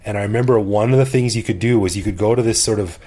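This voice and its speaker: Middle-aged dude cohosting a podcast, lowish voice, keeps laughing, super into it. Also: male voice, fast, mellow. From expat living in Bangkok. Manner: enthusiastic, laughs often, restarts phrases. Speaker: podcast co-host. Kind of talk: casual chat.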